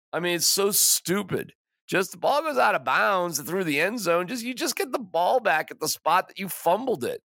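Man, sports podcast host, lively pitch, dry close sound, exasperated rant. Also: dry recording. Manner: exasperated, emphatic, stammering restarts.

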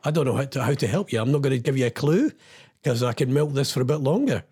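A man's voice: medium pitch, animated, fast talker, a little mellow, slightly rough. A Scottish man hosting a casual live-stream quiz as a radio DJ, teasing his listeners as he reads out their comments. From Scotland.

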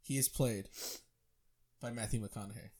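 A man co-hosting a podcast, calmly pitching absurd ideas in a deadpan, joking way. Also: normal speed. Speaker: podcast co-host. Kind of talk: crude comedic banter.

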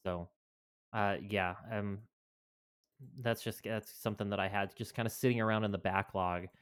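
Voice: low voice, steady tone, moderate pace, smooth. A podcast host chatting casually, laughing easily and hesitating with fillers. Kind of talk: casual chat.

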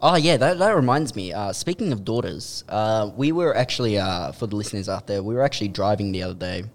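A man's voice: on the low side, animated, brisk. A young man co-hosting a podcast in casual chat, easygoing and telling stories. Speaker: podcast co-host.

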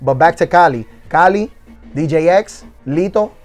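A confident man from Connecticut talks about his DJ career in a casual interview. His voice sits slightly high, and he slides between English and Spanish. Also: expressive, normal speed, soft background music. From Stamford, Connecticut. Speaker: guest DJ.

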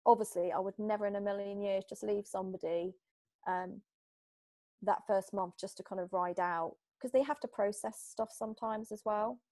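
A woman from Britain, a hypnotherapist guest in an interview, talking in a chatty, lively way and acting out little exchanges. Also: medium pitch, moderate pace, dry recording. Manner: chatty, animated, acts out little quoted exchanges. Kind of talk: casual interview talk.

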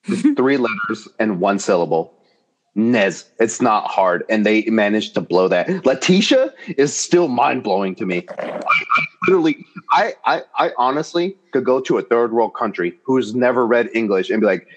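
A man co-hosting a casual chat, telling an exasperated story with incredulous outbursts. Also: moderate pace. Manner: exasperated, animated ranting with incredulous high-pitched jumps. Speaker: podcast co-host.

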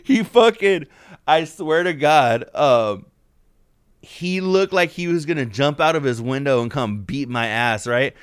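A man's voice: fairly high pitch, lively intonation, a little slow, smooth, dry recording, clean studio sound. A man co-hosting a podcast, telling a profane, rambling story full of fillers in casual chat. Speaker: podcast co-host.

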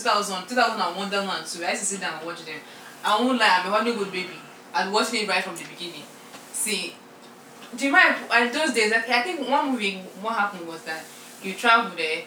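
A young Nigerian woman with a Nigerian accent, co-hosting a podcast in expressive casual chat. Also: mid-range voice, a little fast. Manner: expressive, laughs often. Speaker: podcast co-host. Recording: echoey room, a little far from the mic, faint noise.

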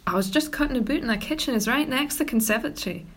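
A woman's voice: high voice, lively intonation, racing, fairly bright tone. A woman voicing an elderly, fussy, doting Scottish lady in a comedy audio drama, with a Scottish accent. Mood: chatty. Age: older.

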